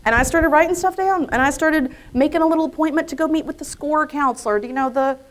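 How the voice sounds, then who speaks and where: A woman's voice: high voice, fast talker. A woman giving a live motivational talk to an audience in an event room, a chatty, self-deprecating storyteller who acts out her own inner thoughts. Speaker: invited speaker.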